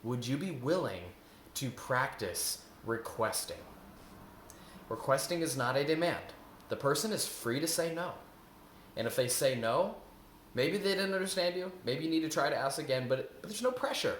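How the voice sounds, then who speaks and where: A man's voice: a little high, expressive, normal speed, a bit bright, a little hiss or hum. A man coaching viewers in a self-help lesson, earnest and repetitive, often asking rhetorical questions. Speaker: eating coach. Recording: echoey room.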